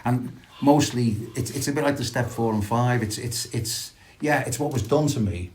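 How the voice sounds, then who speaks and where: A middle-aged man, sharing reflectively and haltingly at a recovery meeting, with many restarts. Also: medium pitch, darkish tone. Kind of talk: personal sharing at a support meeting.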